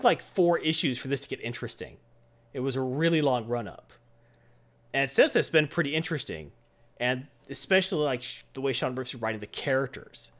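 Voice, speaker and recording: Animated man rambling through a review. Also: mid-range voice. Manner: rambling, animated, acts out voices in a joke. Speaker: comic book reviewer. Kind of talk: casual review chat.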